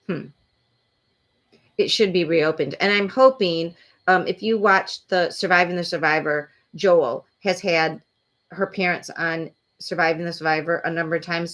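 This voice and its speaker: A woman's voice: fairly low pitch, a bit bright. A woman hosting a true crime show, talking casually and indignantly with many fillers. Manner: opinionated, indignant, rambling with fillers.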